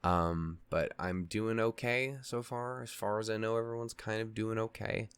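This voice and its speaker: A man's voice: on the low side, steady tone, normal speed, fairly bright tone, clean tone, no room sound. A man hosting a reaction channel, casually recapping a show in a rambling way, with lots of fillers, restarts and swearing.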